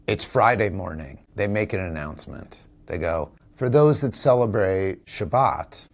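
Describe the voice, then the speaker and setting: In an interview, a man with a low voice and vocal fry shares a personal story earnestly, reflectively, and emotionally. He's an actor, father, and teacher, and the talk is candid conversational storytelling.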